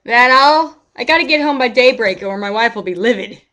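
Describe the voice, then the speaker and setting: A woman voicing a chatty older man who is out on a morning walk, folksy and a bit gruff. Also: fairly high pitch, expressive, brisk, a bit bright.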